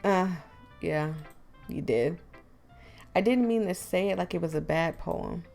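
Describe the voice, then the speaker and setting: A woman's voice: a little slow, creaky, soft background music. A woman doing a dry, awkward teen boy. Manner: lowered, dry and flat. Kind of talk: voice acting a visual novel.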